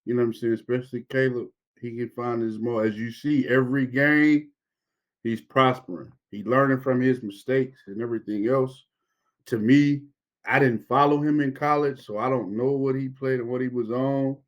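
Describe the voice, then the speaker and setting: A man's voice: mid-range voice, steady tone, normal speed. Easygoing man in casual football chat. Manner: easygoing, repetitive, laughing asides.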